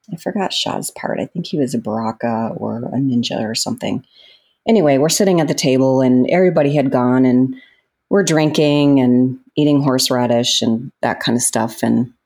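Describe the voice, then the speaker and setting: A woman in an interview, telling stories with lots of laughter and acting out what people said. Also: rumbling low. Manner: animated storyteller, laughs often, acts out quotes. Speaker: interview guest, actress. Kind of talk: casual storytelling in an interview.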